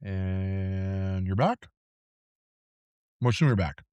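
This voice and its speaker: A man's voice: deep voice, extremely slow, darkish tone, clear, resonant tone, no room sound. A man co-hosting a podcast, chatting casually and acting out quoted people as he tells a story. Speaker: podcast co-host. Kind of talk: casual chat.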